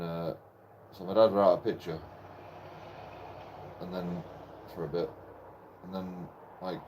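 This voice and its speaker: A young man who hosts a channel tells a personal story casually and ramblingly, swearing constantly and breaking off with short laughs between phrases. His voice is low and dark, with slight background noise.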